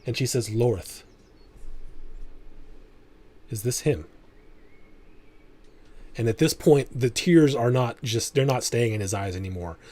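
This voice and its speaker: A man narrating a tabletop game as game master, descriptive and unhurried, often restarting his sentences. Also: medium pitch, expressive, mellow.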